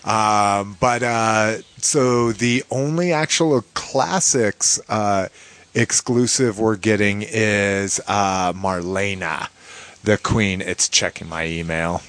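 A man's voice: on the low side, slow pace, a bit bright, no room sound. A man co-hosting a podcast, chatting casually about toys and laughing often between fillers. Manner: laid-back, laughs often, many fillers. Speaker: podcast co-host.

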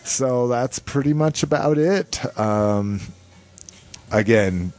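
A man hosting a podcast in casual chat, excited and joking, swearing freely. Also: mid-range voice, takes it slowly. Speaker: podcast host.

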